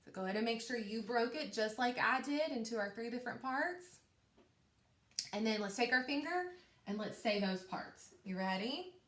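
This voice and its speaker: A woman teacher giving a patient, encouraging phonics lesson to young children, speaking clearly and slowly. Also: a little high, animated, a bit bright. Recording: echoey room.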